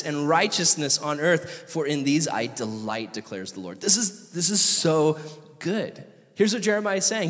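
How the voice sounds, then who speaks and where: A man's voice: a little high, fairly bright tone. A man from California, a pastor giving a passionate, conversational sermon and asking the audience questions. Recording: long reverb of a hall.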